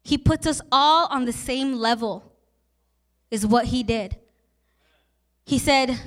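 High-voiced, slow, passionate woman preacher. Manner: passionate, repetitive preaching with rhetorical questions; grows soft and emotional at times. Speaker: pastor. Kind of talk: sermon.

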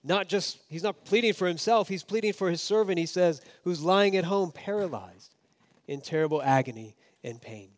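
Male pastor with hushed, emphatic delivery. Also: moderate pace. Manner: dynamic, swinging from emphatic loud to hushed low. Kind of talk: sermon.

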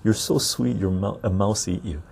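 Casting note: low gravelly man, relaxed podcast host chatting on a patio, laughs a lot, faint noise behind. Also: normal speed. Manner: laughs often, reads chat aloud, swears. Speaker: podcast host reading chat. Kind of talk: casual chat. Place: outdoor patio.

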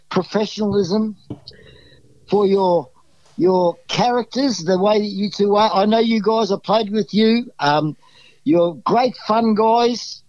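Exuberant Australian man, high voice, muffled line. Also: a little mellow, dry recording. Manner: exuberant, rambling, with many restarts. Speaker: podcast guest. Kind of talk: casual storytelling.

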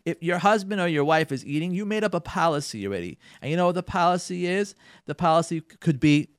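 A man's voice: fairly high pitch, expressive, fast talker, no echo, clean studio sound. A man hosting a radio show who gives marriage advice in an emphatic, instructive way. He often acts out what spouses say and repeats words for emphasis. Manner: emphatic and instructive, addresses listeners directly.

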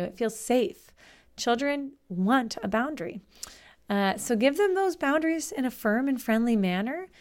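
A young adult woman hosting a solo podcast, giving parenting advice in a gentle, encouraging, conversational way with frequent rhetorical questions. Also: fairly high pitch. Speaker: podcast host, nanny and school educator.

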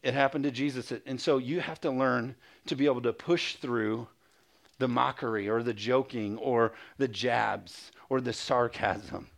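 A male pastor preaching a sermon, reading scripture aloud and calling for amens, with quick mocking asides. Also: mid-range voice, creaky.

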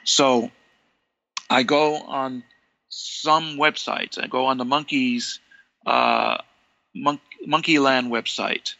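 Gravelly, bright-voiced man telling a story. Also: medium pitch, takes it slowly, dry recording, dull audio. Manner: animated, acts out quoted dialogue, many restarts. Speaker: interview guest, longtime fan. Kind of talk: conversational storytelling.

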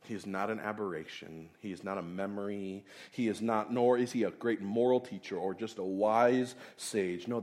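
A male pastor giving a conversational sermon, moving between loud emphasis and hushed, intense passages. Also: on the low side.

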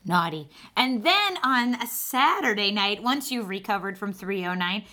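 A woman's voice: mid-range voice, lively intonation, a little slow, pushed and bright. A woman co-hosting a podcast, playful and enthusiastic as she plugs a show. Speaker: podcast co-host promoting shows. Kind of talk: casual chat.

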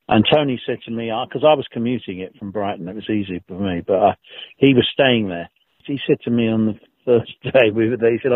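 Heard over a phone line, a former co-star appearing as a guest reminisces about an old colleague in a rambling way, chuckling often and restarting his sentences. His voice is medium-pitched, with no echo.

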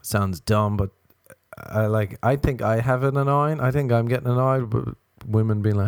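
A man's voice: normal speed, smooth, dry recording. Man, solo comedy podcast host, crude and rambling, dry close sound. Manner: crude, rambling, self-mocking, with sudden high-pitched exclamations.

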